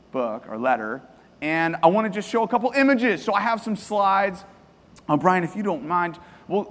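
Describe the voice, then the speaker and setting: A man preaching a sermon to a congregation, lively and joking, asking them questions and repeating their answers. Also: high-pitched, big-room sound. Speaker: pastor. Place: church hall.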